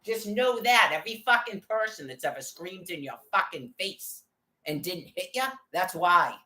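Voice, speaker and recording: A woman's voice: lowish voice, expressive, normal speed, pushed and bright. An older woman vlogging an angry, profanity-heavy rant, agitated and quoting what others said to her.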